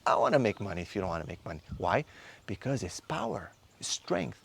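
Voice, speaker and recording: A man in his thirties giving an impassioned motivational lecture as a men's course instructor, hectoring his listeners with rapid-fire rhetorical questions. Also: on the low side, big pitch swings, creaky. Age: 30s.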